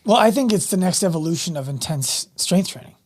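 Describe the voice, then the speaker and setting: Chatty higher-voiced podcast host. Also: male voice, animated, brisk. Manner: chatty, long winding questions. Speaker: podcast host and fitness coach. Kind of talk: casual interview talk.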